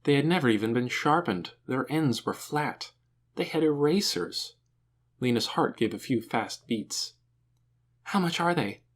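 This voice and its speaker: Man, audiobook narration, animated, lively pitch, mid voice. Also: measured pace. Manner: expressive, animated reading.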